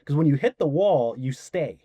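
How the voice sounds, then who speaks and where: A man guest on a podcast, casually telling a story, animated and swearing, acting out quoted voices. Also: on the high side, normal speed, breathy edge, no room sound.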